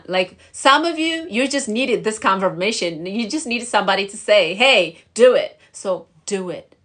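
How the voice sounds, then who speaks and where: A woman's voice: medium pitch, a bit bright. Bubbly young woman vlogging to camera. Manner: bubbly and encouraging, many fillers, laughs often. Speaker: lifestyle vlogger. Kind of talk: casual motivational talk to camera.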